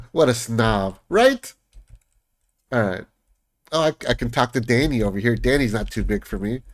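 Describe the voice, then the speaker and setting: A man's voice: mid-range voice, moderate pace. A man chatting casually as he plays a game, amused and laughing often. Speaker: game streamer. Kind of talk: casual gameplay commentary.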